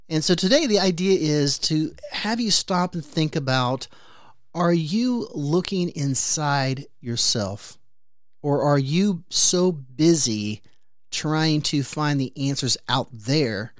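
A man hosting his own podcast, telling a personal story in an animated way and then drawing an earnest, reflective lesson from it. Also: medium pitch, no echo, clean studio sound. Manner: animated storyteller who briefly acts out the neighbors' voices. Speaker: podcast host. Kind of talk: motivational storytelling monologue.

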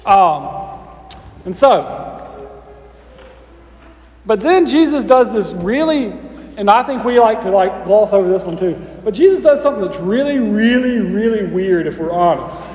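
A man's voice: high voice, animated, measured pace, long pauses, darkish tone, reverberant, in a large hall. A man preaching a sermon as pastor, casual and conversational with playful asides to the congregation.

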